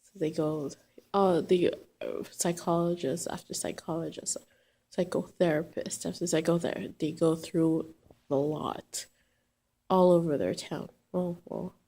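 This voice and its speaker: A woman with a lowish, gravelly and husky voice tells a personal story in a loose, casual way. She rambles, with lots of fillers and restarts. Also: steady tone, a little slow, mellow.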